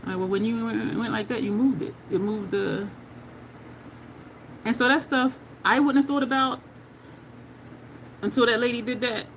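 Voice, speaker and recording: A woman's voice: on the high side, steady tone, moderate pace, long pauses, fairly bright tone, a little hiss or hum, rough recording. A woman beauty vlogger chatting casually through a makeup tutorial, telling stories and laughing often.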